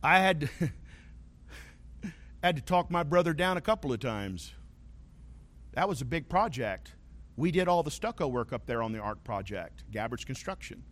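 A male pastor delivers a sermon as an animated storyteller, swinging from loud points to quiet asides. His voice is bright and forceful, sits a little high, and ranges widely in pitch. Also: moderate pace, long pauses.

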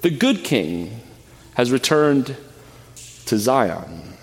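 A man's voice: medium pitch, very animated, drawn-out words. A man preaching a sermon earnestly and emphatically, often repeating words as he goes. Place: church sanctuary. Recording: long church hall reverb.

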